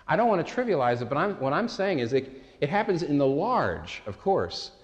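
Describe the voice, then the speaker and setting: A man's voice: fairly high pitch, very animated, a little fast, lo-fi sound. A man preaching a sermon in a conversational, storytelling way, often restarting his sentences. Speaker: pastor. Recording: echoey hall recording.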